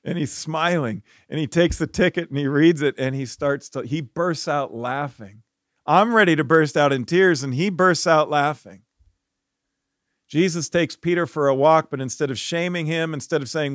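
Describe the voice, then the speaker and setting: A man preaching a devotional sermon as a pastor, telling stories earnestly and dropping his voice softly for the reflective parts. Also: fairly high pitch, normal speed, dry recording, studio quality. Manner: earnest storytelling, rising when animated, dropping soft for reflection.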